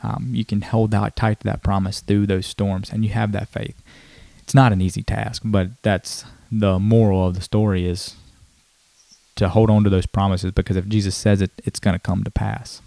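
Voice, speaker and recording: A man's voice: on the low side, little pitch movement, normal speed, gravelly, mellow, no room sound. A man reading and explaining scripture in a plain, earnest way. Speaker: co-host.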